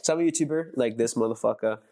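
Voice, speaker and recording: A man's voice: medium pitch, fast talker, warm tone. A young man with a mid-range voice talks as a podcast guest. He rambles through his stories with fillers and restarts and laughs easily. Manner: rambling storytelling, laughs often. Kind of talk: casual podcast chat.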